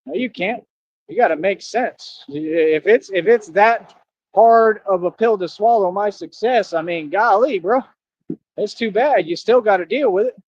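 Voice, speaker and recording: A man's voice: sits high, unhurried, darkish tone, dry recording, highs cut off. A man streaming live, reading comments and arguing back in a combative, preachy way, full of rhetorical questions. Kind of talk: livestream rant reading comments.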